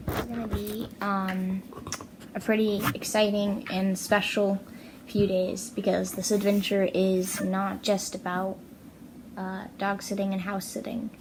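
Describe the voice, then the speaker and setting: A woman's voice: mid-range voice, little pitch movement, measured pace, noisy background. A young woman chatting casually in a vlog, rambling with lots of fillers, alone in a house. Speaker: vlogger. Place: house, indoors.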